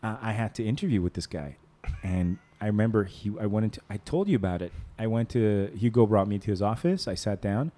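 A man with a fairly low voice tells long, rambling stories on a casual podcast chat. He laughs often and slips into other people's voices as he goes. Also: brisk, few pauses, warm tone. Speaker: podcast host.

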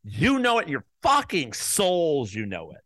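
A man's voice: a little high, huge pitch swings, a little slow, dry recording, studio quality. Profane, heated man ranting. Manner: profane, heated, jumps to loud peaks. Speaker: podcast host. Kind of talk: ranting solo podcast monologue.

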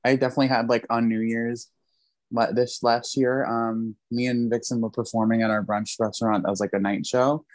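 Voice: mid-range voice, level tone, brisk, darkish tone, no echo. Podcast guest telling a story, chill, mid voice, really dry mic. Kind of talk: casual podcast chat.

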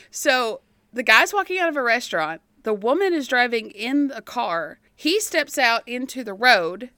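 A woman's voice: a little high, big pitch swings, a little slow, pushed and bright, no echo, studio quality. A woman in her thirties, a podcast co-host, animatedly telling a personal story and laughing often. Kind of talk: casual chat, anecdote.

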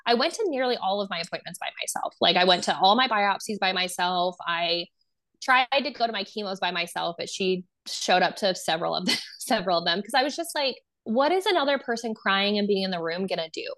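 A woman's voice: mid-range voice, lively intonation, brisk, a bit bright. A young adult woman speaking as a guest, telling a personal story casually, with lots of fillers and acted-out dialogue. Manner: casual, filler-heavy, acts out quoted dialogue. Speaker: guest sharing her story.

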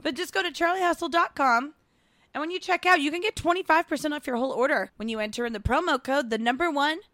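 A woman's voice: sits high, fast, a bit bright, no room sound, studio quality. A young adult woman co-hosting a podcast, telling stories casually and laughing often. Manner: giggly, storytelling, reads ad casually. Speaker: podcast co-host. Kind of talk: casual chat.

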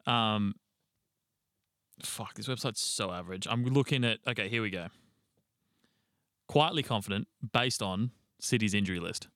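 A man's voice: lowish voice, moderate pace, long pauses, fairly bright tone, no room sound, studio quality. A young man, co-hosting a casual sports podcast and rambling through team news with casual swearing. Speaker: podcast co-host.

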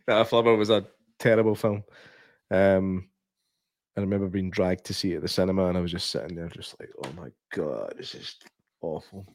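A man's voice: sits low, little pitch movement, moderate pace, long pauses, darkish tone, dry recording. A Scottish man co-hosting a podcast, chatting casually about a film with lots of fillers and laughs. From Scotland. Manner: chatty, laughs often, many fillers and restarts. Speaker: podcast co-host.

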